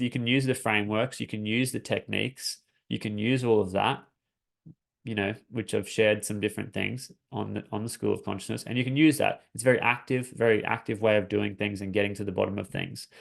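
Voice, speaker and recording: A man's voice: medium pitch, creaky. A man coaching his listeners, telling a personal story in an earnest, searching way, often restarting his phrases. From Australia. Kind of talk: reflective personal talk.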